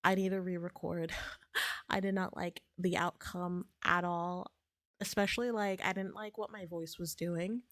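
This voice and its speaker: A woman's voice: fairly low pitch, fairly even intonation, unhurried, a bit bright, no echo. A young woman chatting casually on a livestream, rambling, joking at her own expense and laughing often. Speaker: streamer.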